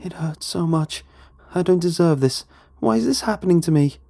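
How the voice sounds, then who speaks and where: A man voicing a suffering ghostly wife who pleads in a high, whispery voice. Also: normal speed, gravelly, mellow. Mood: pleading.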